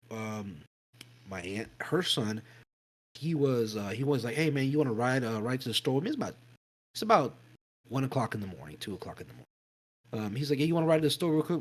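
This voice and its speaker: A man co-hosting a podcast, telling a spooky story in a casual, animated way, swearing freely and acting out voices and sounds. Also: medium pitch, poor audio. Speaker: podcast co-host.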